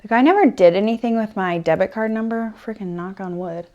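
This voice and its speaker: A young woman telling a rambling personal story during a personal-attention ASMR role-play. She drifts between hushed, close murmurs and lively, chatty bursts, full of "um" and "like". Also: mid-range voice, brisk, muffled recording. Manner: rambling, chatty, filler-heavy, swinging between soft and animated. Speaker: ASMR creator.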